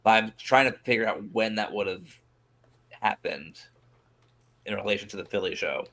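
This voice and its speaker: Low gravelly man, hesitant and lively. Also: moderate pace. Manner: hesitant, restarting sentences. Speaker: podcast co-host. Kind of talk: casual chat.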